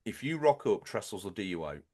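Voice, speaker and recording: A man from England co-hosting a comedy gaming podcast, joking through mock-announcer sponsor reads with sudden loud bursts. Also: lowish voice, very animated, fairly quick. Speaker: podcast co-host.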